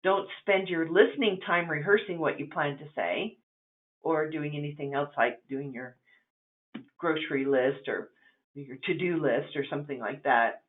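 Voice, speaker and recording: A woman's voice: sits low, normal speed. Woman lecturing over tinny phone-like audio. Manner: conversational and instructive, with frequent ums. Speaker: presenter. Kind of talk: webinar lecture.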